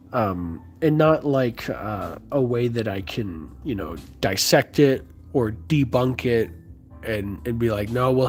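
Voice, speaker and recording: A man's voice: mid-range voice, a little mellow. A young man from the United States chatting casually with viewers on a live stream, friendly and rambling, with many fillers and restarts.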